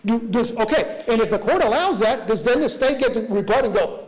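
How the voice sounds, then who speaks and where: A prosecutor arguing a motion before a judge, earnest, with many rhetorical questions and restarts. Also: male voice, very high voice, a little fast, rough recording. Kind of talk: courtroom argument.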